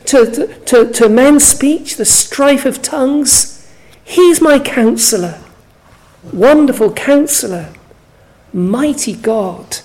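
A woman preaching a sermon in a slow, earnest way, often putting questions straight to her listeners. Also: fairly high pitch, mellow, rough recording.

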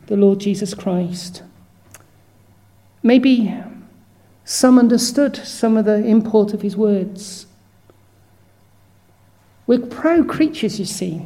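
A woman preaching a sermon in an earnest, measured way, stopping to read scripture verses aloud. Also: medium pitch, warm tone.

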